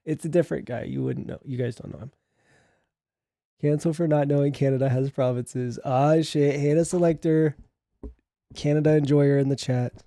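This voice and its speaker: Casual young man livestreaming, dark tone. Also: fairly high pitch, steady tone, normal speed, vocal fry, no echo, studio quality. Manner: chatty, joking, reads chat aloud. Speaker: livestream host.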